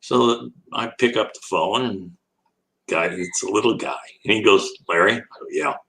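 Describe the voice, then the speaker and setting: A man's voice: lowish voice, moderate pace, vocal fry, sharp tone, low-quality recording. An older man, an animal educator, telling a long anecdote as an interview guest, laughing often and acting out the voices in his story.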